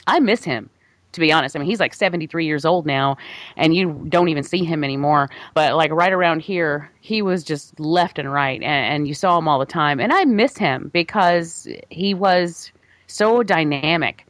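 A woman's voice: sits low, normal speed, no room sound. A woman co-hosting a film podcast, talking casually and rambling, with frequent laughs and restarts. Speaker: podcast co-host. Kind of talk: casual chat about films.

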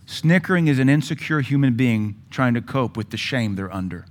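Man preaching, middle-aged, mid-pitched voice, swings from loud to hushed. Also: expressive, moderate pace. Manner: forceful preaching with sudden loud rises and quiet drops. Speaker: pastor. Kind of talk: sermon.

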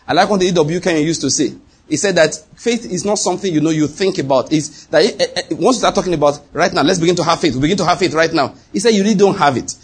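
Husky-voiced middle-aged male preacher. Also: quick pace. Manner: rhetorical questions to the congregation, rising pitch when emphatic. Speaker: pastor. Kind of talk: sermon.

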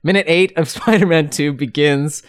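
A man's voice: a little high, normal speed, smooth. A man hosting a podcast in casual, chatty conversation, with many fillers. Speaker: podcast host. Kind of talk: casual chat.

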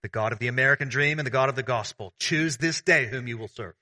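A man preaching a sermon as pastor, conversational and animated, with everyday analogies. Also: mid-range voice, quick pace.

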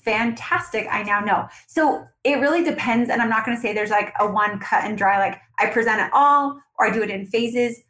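An upbeat woman with a fairly high voice speaks as a podcast guest, advising dental teams in a brisk, coaching way. She keeps slipping into little acted scenes of what to say to a patient. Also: low-quality recording. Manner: energetic, acts out dialogues with patients. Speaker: guest, dental practice consultant. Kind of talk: conversational podcast interview.

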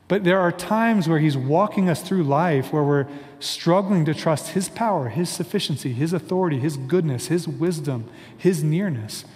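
A man's voice: a little high, moderate pace, a little mellow, long reverb tail. A man preaching a sermon in an earnest, conversational way, often hedging with fillers. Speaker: pastor.

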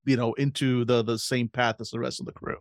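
A man's voice: medium pitch, level tone, a little fast, creaky, no echo. Rambling man, player, mid voice, dry mic. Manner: rambling, full of fillers. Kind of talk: tabletop role-play.

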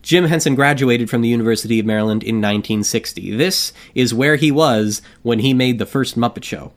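A man's voice: medium pitch, brisk. A man co-hosting a casual podcast, joking and self-deprecating, with a rambling delivery full of fillers. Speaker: podcast co-host.

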